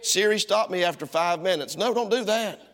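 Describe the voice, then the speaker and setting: A middle-aged male pastor preaching a sermon, swinging from loud, driving lines to hushed ones. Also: high-pitched, normal speed. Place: church sanctuary. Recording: long church reverb.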